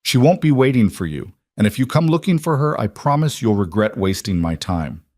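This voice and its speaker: A man voicing a mafia boss who speaks smoothly, calmly and with quiet command. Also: medium pitch, fairly quick, no room sound, natural voice. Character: calm, dangerous male mafia boss.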